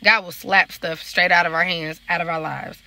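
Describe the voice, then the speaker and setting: A woman's voice: fairly low pitch, fairly even intonation, normal speed, sharp tone. A woman, talking casually to her viewers about faith and relationships. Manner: talks in a loose, conversational way, addressing viewers directly. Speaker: prophetic dreamer and life coach. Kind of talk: casual spiritual vlog talk.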